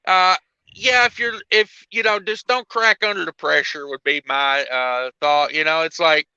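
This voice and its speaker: A man hosting a casual livestream chat among truckers, joking in a deadpan way, on dull muffled stream audio. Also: a little high, normal speed, clean tone, no echo. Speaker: livestream host.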